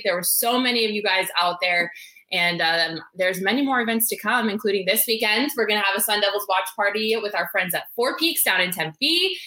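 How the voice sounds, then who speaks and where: Young female co-host, bubbly and giggly, bright tone. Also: medium pitch, echoey room. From Colorado. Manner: bubbly, laughs easily. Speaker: podcast co-host. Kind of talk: casual chat.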